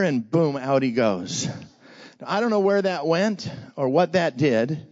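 A man pastor giving an energetic sermon for children, drawing the audience into call-and-response and telling stories. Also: fairly high pitch, brisk, highs cut off.

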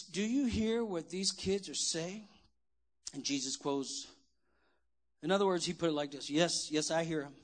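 Brief: male pastor, high voice, rising from quiet to shouted praise. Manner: preaching with call-and-response questions, swinging from quiet to shouting. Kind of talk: sermon. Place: church.

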